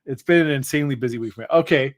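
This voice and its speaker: A man's voice: mid-range voice, very fast. A man co-hosting a casual live show, telling a long joke with many fillers and restarts. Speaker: co-host. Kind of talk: casual chat.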